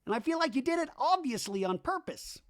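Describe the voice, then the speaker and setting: A man voicing an excitable, accusing man in a high, shouty, wounded tone. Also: a little fast. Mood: indignant.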